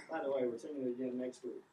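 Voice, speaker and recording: A woman preaching a sermon in an impassioned style, her voice rising toward shouts. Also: rumbling low, steady tone, fast talker, a little hiss or hum. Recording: echoey room, picked up from a distance.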